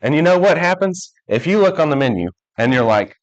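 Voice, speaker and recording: A man's voice: a little high, big pitch swings, fairly quick, few pauses, low-quality recording. A man preaching a casual sermon in a church, telling stories with jokes and acting out the people in them. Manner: joking, storytelling, acts out quoted people. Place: church hall.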